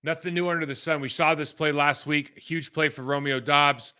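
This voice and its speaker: Middle-aged former player from California for a game-film breakdown: a slightly high, very bright and forceful voice, casual and animated. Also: male voice, brisk, clear, resonant tone. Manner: conversational and animated, with fillers like "man" and "like". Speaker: former pro football player turned analyst.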